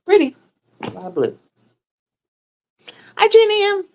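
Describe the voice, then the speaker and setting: With a very high voice and wildly swooping pitch, a middle-aged livestream host talks in an unhurried way. She's sewing and chatting casually, rambling through stories, in a dull, dry, lo-fi recording.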